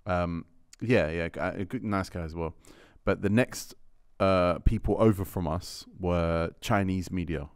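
A man's voice: sits low, a little slow, hardly any pauses, clear, resonant tone, no room sound, studio quality. A man hosting a casual podcast, telling stories and reading out audience questions in a laid-back way. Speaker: podcast host.

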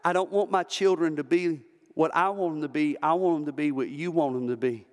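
A man with a Southern American accent preaching a fervent Baptist sermon from the pulpit, rising to shouts at the peaks. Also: fairly high pitch, brisk. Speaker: pastor. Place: church sanctuary. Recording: long church hall reverb.

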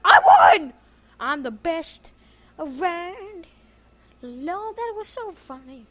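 A woman giving casual gameplay commentary as a video game YouTuber, excitable and jokey, often yelling and laughing at the match. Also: very high-pitched, takes it slowly. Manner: jokey self-talk. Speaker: gaming YouTuber.

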